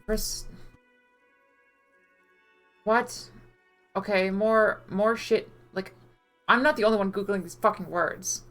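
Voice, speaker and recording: A woman streaming a game, reading its dialogue aloud in a flat voice with casual, profane asides. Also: medium pitch, slow, long pauses, soft background music.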